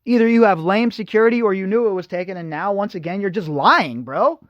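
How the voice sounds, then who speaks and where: A man's voice: high-pitched, animated, a little fast, fairly bright tone, dry recording, muffled recording. Sarcastic ranting male podcast host. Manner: sarcastic, mocking, asides to listeners. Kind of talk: ranting commentary over read-out news.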